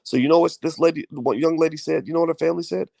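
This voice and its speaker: A man's voice: a little high, steady tone, rapid-fire, gravelly, a little mellow, no room sound. A middle-aged man hosting a casual video talk, fervent and full of fillers and repeated words. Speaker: host.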